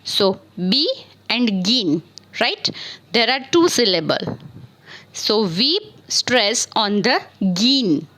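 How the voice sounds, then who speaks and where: A woman's voice: on the high side, sharp tone, low-quality recording. A woman teaching English grammar in a screen-recorded lesson. She spells words out letter by letter and asks questions that she answers herself. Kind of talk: slow spelling lesson on verbs.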